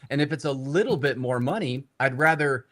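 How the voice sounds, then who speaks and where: A man with an ordinary mid pitch, speaking as a panelist. He is agreeable and reflective. He often restarts as he thinks aloud. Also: a little fast, a bit bright. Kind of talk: casual panel discussion.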